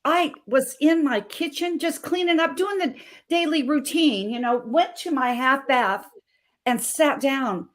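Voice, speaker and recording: A woman's voice: sits high, a little slow, fairly bright tone. A middle-aged woman from Montana, a health coach and guest, telling her story emphatically and with feeling. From Montana, USA. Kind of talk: personal testimony on a talk show.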